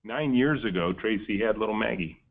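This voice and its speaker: Low-voiced man telling stories, phone-like audio. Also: normal speed. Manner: lively storyteller, acts out quoted dialogue. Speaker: company founder giving a webinar talk. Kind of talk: storytelling keynote. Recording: tinny phone-like webinar audio.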